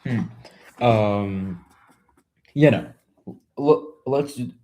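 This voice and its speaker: A man's voice: fairly low pitch, drawn-out words, pauses often, warm tone. A young man casually thinking aloud to himself and his viewers while working through math homework in a small room. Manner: muttering to himself, trailing off, self-talk. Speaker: vlogger doing homework on camera.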